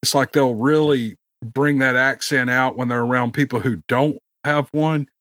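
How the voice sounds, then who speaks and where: A man with a Memphis Southern accent talks in a rambling, easygoing way as a podcast guest. His voice sits at a middle pitch. It is recorded dry on his own home microphone. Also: fairly even intonation, normal speed, fairly bright tone, no room sound. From Memphis, Tennessee. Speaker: guest, audiobook narrator. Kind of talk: casual podcast chat.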